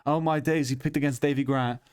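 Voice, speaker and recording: A man's voice: mid-range voice, fairly even intonation, fairly quick, darkish tone, clear, resonant tone, natural voice. A man putting on the voice of a mocking male viewer who teases him for a bad pick, in an exaggerated put-on voice. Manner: teasing, exaggerated mock voice.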